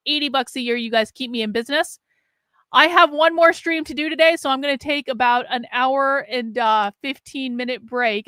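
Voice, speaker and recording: A woman's voice: fairly high pitch, sharp tone, clear, resonant tone, no echo, clean studio sound. A woman hosting a livestream commentary, blunt, sarcastic and profane. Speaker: livestream host.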